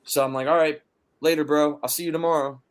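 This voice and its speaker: Talking fast with a fairly high pitch and a clean tone, a Philadelphia man guesting on a podcast tells an animated story in casual conversation, cursing frequently and performing his friends' quotes.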